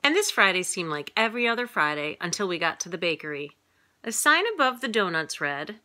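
A middle-aged woman reading a picture book aloud to young children in a lively way, jumping up in pitch for the characters' lines. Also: a little fast. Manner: lively, voices characters with big pitch jumps.

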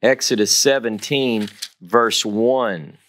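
Guy teaching bible stuff, really animated, repeats words for emphasis, middle pitch. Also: takes it slowly. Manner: dramatic reading of scripture quotes. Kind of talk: Torah teaching.

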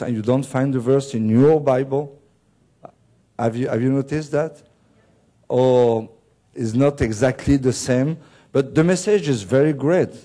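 Male missionary pastor, slow delivery, mellow tone, halting sermon with gentle humor. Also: medium pitch. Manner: halting, with many restarts and fillers. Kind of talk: sermon with light joking. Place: church service.

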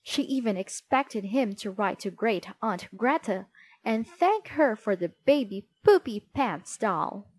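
A woman reading a children's storybook aloud in an expressive, clear way. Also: medium pitch, unhurried, no echo. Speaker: storybook reader. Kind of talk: children's book read-aloud.

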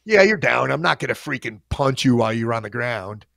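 A man coaching on a livestream, telling a story in a casual, animated and profane way. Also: mid-range voice, fairly quick, creaky, dry recording, studio quality.

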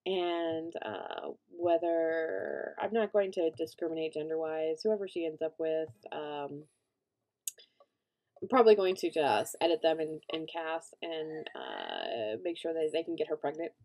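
Woman gamer, casual let's-play commentary, rambling, lots of ums, pitch swings up and down. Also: very animated, a little slow, a little mellow. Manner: rambling, many fillers, bursts into panicked shrieks and laughter.

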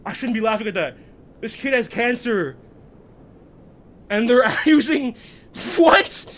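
A man giving excitable, swearing let's play commentary, often bursting out loudly. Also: very high voice, slow. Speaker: gaming video creator.

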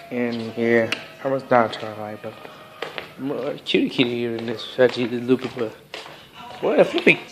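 A man vlogging casually with his cats, rambling and halting with lots of fillers and soft coaxing pet talk. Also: mid-range voice, a little hiss or hum. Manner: rambling and halting, with many fillers and broken sentences.

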